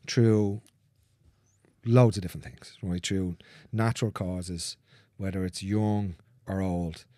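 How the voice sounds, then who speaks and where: A man speaking as a guest in a candid conversation, earnest and repetitive, swearing freely and dropping into soft, near-whispered phrases. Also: deep voice, steady tone, slow pace, dry recording, clean studio sound.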